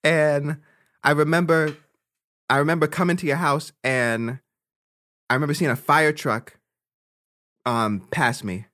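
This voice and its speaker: A man's voice: fairly high pitch, a little slow, pauses often. A young man, co-hosting a podcast and telling a long story in casual chat, cursing and laughing as he goes. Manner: animated, profane, laughs through his story. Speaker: podcast co-host.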